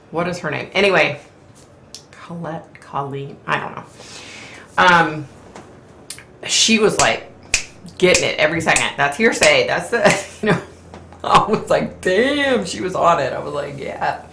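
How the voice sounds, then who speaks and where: A woman hosting a casual live-stream chat, chatty and opinionated, clearing her throat often as her voice wears out. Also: low voice, a bit bright, roomy sound, a little hiss or hum. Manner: chatty, opinionated, frequent fillers. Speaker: host.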